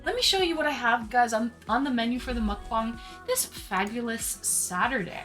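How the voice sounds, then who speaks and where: High bright gal streaming, chatty w her chat, greets everyone, laughs lots, faint music behind. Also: normal speed. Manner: chatty, greets viewers by name, laughs a lot. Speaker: live streamer. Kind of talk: casual live-stream chat with viewers. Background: faint background music.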